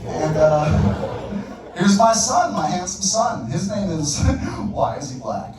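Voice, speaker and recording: A man with a fairly high voice runs a stand-up set, bantering with the crowd between jokes. The room is very echoey and the mic sits well back from him. A steady murmur of audience noise runs under everything. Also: takes it slowly, distant mic. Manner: crowd work, loud punchlines. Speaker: stand-up comedian. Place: comedy club stage.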